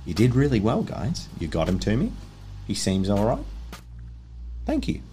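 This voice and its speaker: A man voicing a sinister male crime boss who talks in a soft, low, coaxing way in a tabletop game. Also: wildly swooping pitch, moderate pace, soft background music. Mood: quietly menacing.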